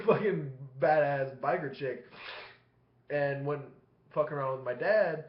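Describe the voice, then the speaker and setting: A vlogger with a fairly high voice takes a slow pace as he rambles through a long, profane story to the webcam facing him, laughing between phrases. The recording is lo-fi and dull, with an echoey room.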